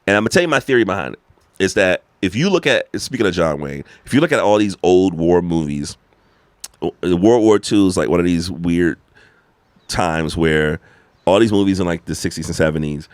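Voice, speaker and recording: Brief American man, deep, swooping delivery, animated guest, swears casually, dry close mic. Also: moderate pace, no echo. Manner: animated, emphatic storyteller who swears freely. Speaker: podcast guest. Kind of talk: casual conversation.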